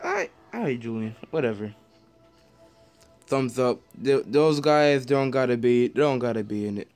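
A man's voice: mid-range voice, expressive, moderate pace, a little mellow, clear, resonant tone, soft background music. Playful young vlogger man. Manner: playful, teasing banter. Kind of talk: casual vlog chat. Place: in a car. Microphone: handheld phone.

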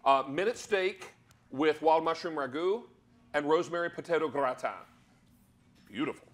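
A man's voice: on the high side, moderate pace. A man hosting a live TV shopping cooking demo, with upbeat, salesy patter. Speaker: shopping channel host.

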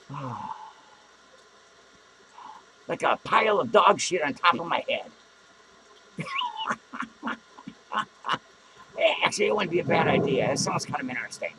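A man's voice: a little high, a little hiss or hum, heavily acted, rough recording. A man playing a crude, drunk clown who hosts a podcast from a small studio, rambling and swearing between cackling laughs. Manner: rambling, profane, self-mocking, with loud cackling laughs. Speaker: podcast host. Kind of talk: comic in-character podcast rant.

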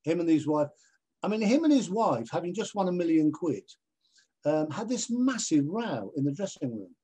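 A man, a television presenter, telling anecdotes in an animated way over a video call and acting out other people's voices. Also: a little high, moderate pace, husky. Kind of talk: anecdotal storytelling in a conversation.

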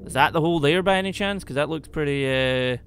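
A man commentating his game play, excitable, talking to the creatures and shouting when he panics. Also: on the high side, fast talker, a little hiss or hum. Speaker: gaming YouTuber.

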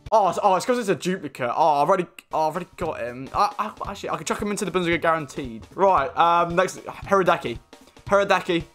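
A young man commentating as he opens game card packs, excitable and swearing, with sudden shouts. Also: fairly high pitch, fast talker, hardly any pauses, faint music behind. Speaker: gaming YouTuber. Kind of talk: excitable pack-opening commentary.

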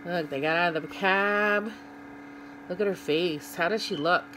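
Slow, gentle woman reading to kids. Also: on the low side, slight background noise, low-quality recording. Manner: asks young listeners questions about the pictures. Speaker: children's read-aloud host. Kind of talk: reading a picture book aloud to children.

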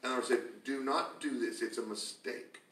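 A man preaching a sermon to a congregation, telling stories with laughter and rising to shouts. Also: medium pitch, moderate pace, a little hiss or hum. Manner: storytelling, laughing, building to shouts. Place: church sanctuary with congregation. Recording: echoey church from a distance.

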